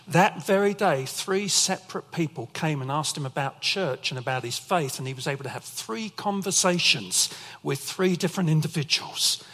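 A man's voice: on the high side, a bit bright, breathy edge, long reverb tail. A man preaching a sermon as pastor, telling personal stories as testimony. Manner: storytelling, emotional testimony.

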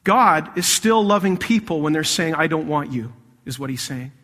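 A man preaching a sermon as pastor, animated, swinging between loud emphasis and hushed intensity. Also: fairly high pitch, moderate pace, in a large hall.

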